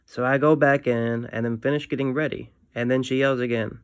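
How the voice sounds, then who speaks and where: Gravelly man reading a story aloud. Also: medium pitch, normal speed, no echo, studio quality. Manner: friendly, lively read-aloud. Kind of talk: reading a comic book aloud to children.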